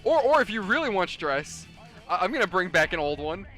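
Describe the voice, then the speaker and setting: Bright-voiced New York streamer, chatty. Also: male voice, high-pitched, big pitch swings, a little fast, soft background music. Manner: rambling storyteller, swears freely. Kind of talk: casual gaming chat.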